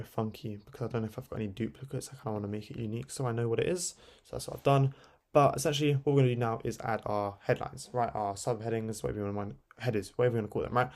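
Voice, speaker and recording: A young man walking through a software tutorial on screen in a loose, chatty way, full of fillers and tag questions. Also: medium pitch, gravelly. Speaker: tutorial host. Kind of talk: casual screen-recorded tutorial.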